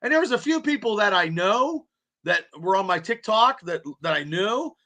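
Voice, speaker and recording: High, bright-voiced male podcast host. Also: expressive, normal speed. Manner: rambling, stammering repeats. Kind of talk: casual chat.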